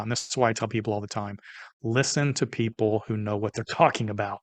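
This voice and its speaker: An older man, a guest in an interview, telling a personal story in a casual, animated way. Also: on the low side, fast talker, no echo.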